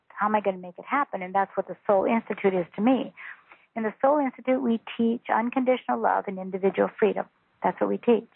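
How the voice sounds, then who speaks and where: A woman, a spiritual teacher, talking calmly and earnestly as a guest on a phone interview. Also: medium pitch, creaky, breathy edge, no echo. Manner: calm, earnest, instructive. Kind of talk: interview over a phone call. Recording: tinny phone line.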